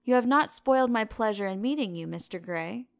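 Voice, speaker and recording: A woman reading a witty, languid gentleman. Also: a little high, lively intonation, brisk, creaky, dry recording. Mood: suave.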